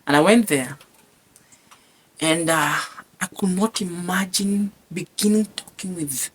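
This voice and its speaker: Animated man telling a story. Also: sits high, a little slow, husky. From Kenya. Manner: animated storyteller, stammers and repeats words, acts out voices. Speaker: guest telling his life story. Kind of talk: lively personal testimony.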